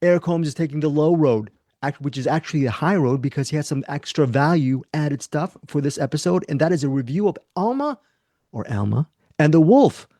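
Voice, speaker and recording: A male podcast host with a gravelly edge and a fairly high voice. He talks in a deliberately lively, animated way on a casual film review show, recorded dry and close. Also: no room sound.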